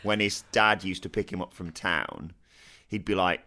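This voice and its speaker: A man's voice: sits low, normal speed. A man, a player, telling jokey stories in casual podcast chat. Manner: animated, jokey storyteller.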